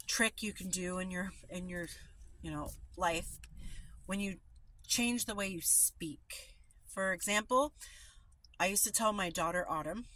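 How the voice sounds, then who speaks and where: Woman, middle-aged, slightly low and bright tone; earnest reader sharing recovery reflections, casual asides. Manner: earnest, informal, with fillers in her own remarks. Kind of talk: reading a daily meditation then reflecting.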